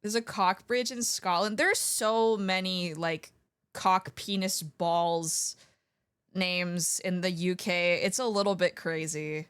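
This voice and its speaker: Casual young woman streamer: slow, relaxed delivery, laughs often, casually profane. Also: fairly low pitch, clean tone. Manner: giggly, swears casually, playful. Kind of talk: casual livestream chat.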